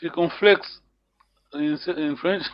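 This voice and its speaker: A man's voice: a little high, slow, dry recording. A man teaching a language lesson over a video call, patient and encouraging, laughing often. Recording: dull lo-fi video call audio.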